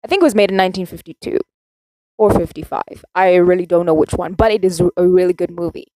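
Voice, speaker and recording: A South African teenage girl hosts her own podcast, ranting casually in a chatty, rambling way and contradicting herself. Her voice is fairly low and warm, she talks fast, and the recording is dry.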